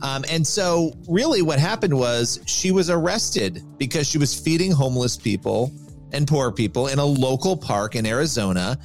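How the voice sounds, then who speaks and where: A man who reports news, co-hosting a podcast and explaining a story in a steady, conversational way. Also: medium pitch, normal speed, soft background music. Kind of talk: casual news chat.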